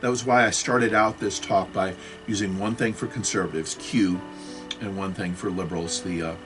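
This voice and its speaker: A man's voice: low voice, steady tone, moderate pace, music in the background. Agitated, rambling man lecturing. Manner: agitated, apologetic, many restarts. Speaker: computer security educator. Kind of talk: self-recorded talk.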